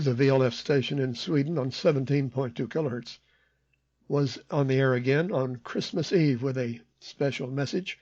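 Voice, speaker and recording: A man's voice: mid-range voice, a little mellow, dry recording, muffled recording. A man hosting a radio program, reading news and frequency schedules in a dry, matter-of-fact way. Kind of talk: scripted shortwave news reading.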